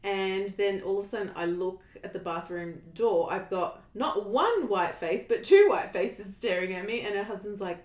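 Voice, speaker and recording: Woman podcast guest, animated storyteller, mid-pitched, roomy echo. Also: normal speed, hardly any pauses. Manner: animated storytelling with quoted dialogue and frequent laughs. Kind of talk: casual chat.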